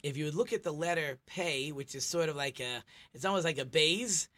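A man's voice: on the high side, fairly quick, sharp tone. A middle-aged man, a rabbi hosting a radio talk show, chatty and teacherly, telling jokes.

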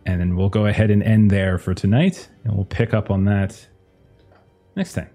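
A man narrating a tabletop game as game master, describing scenes slowly with many "like"s and "uh"s. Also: on the low side, steady tone, dark tone, soft background music. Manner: slow, descriptive narration with frequent "like" and "uh".

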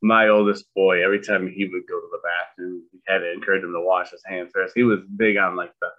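A middle-aged man co-hosting a podcast in casual chat, making dry jokes with halting fillers. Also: deep voice, flat delivery, narrow, tinny audio. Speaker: podcast co-host.

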